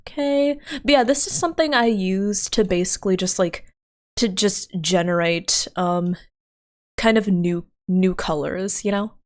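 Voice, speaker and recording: A medium-pitched woman speaks at a measured pace during a casual livestream. As she works she muses out loud, giggling frequently and leaning on fillers.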